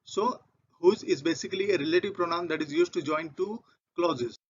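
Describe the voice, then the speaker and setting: Man explaining grammar, fairly high, dull-sounding. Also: moderate pace, slightly rough. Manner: repetitive, methodical explaining with example sentences. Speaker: English grammar teacher. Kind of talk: explaining grammar over slides. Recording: dull lo-fi recording.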